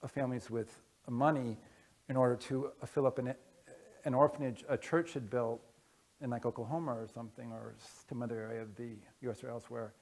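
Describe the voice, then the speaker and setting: A man giving a casual conference talk to an audience, halting, with many fillers and restarts. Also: mid-range voice, fairly even intonation, darkish tone. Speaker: conference speaker. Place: conference room. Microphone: wearing headphones with a masking device.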